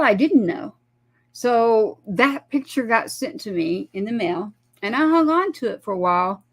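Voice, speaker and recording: A woman, a guest on a talk show, telling a personal story in casual chat and acting out the voices of the people in it. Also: a little high. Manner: animated, acts out quoted dialogue.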